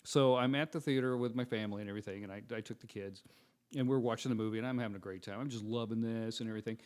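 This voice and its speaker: A man, a guest on a podcast, telling a story in casual chat; his voice climbs high when he quotes people. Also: rapid-fire. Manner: expressive storyteller, voice rises for quoted lines.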